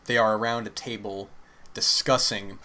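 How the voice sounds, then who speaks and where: A man with a lowish, bright and forceful voice hosts a podcast solo. He talks at length about a film in an earnest, rambling way, often stopping to correct or qualify what he just said. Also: steady tone, moderate pace. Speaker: podcast host. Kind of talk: casual film commentary monologue.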